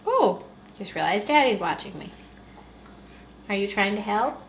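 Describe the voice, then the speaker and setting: A mother softly coaxing her baby through a feeding, speaking in gentle baby talk on a home video. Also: medium pitch, very animated, a little slow, a little hiss or hum. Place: room at home. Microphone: home video camera. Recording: echoey home video room.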